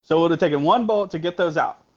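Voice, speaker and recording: A man's voice: on the high side, quick pace, muffled recording. A young man, co-host of a podcast, telling a long, profane, rambling story about a customer at his parts store. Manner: rambling, profane, full of fillers. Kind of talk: casual storytelling.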